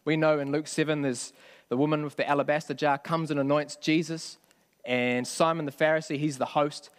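A man's voice: a little high, fairly even intonation, a little fast, smooth. A man preaching a sermon in a conversational way, often asking the congregation questions. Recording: long hall reverb.

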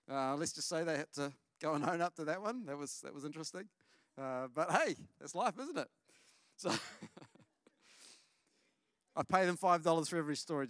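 A middle-aged male pastor preaches a sermon in church, telling family stories and putting questions to the congregation in a lively storytelling manner. His voice is fairly high and clean-toned. The recording is dry, with clean studio sound.

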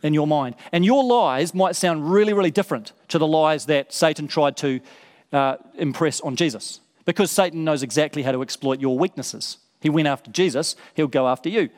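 A man's voice: a little high, moderate pace, darkish tone, big-room sound. A man preaching a sermon in an earnest way, stressing points by repeating words. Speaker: pastor.

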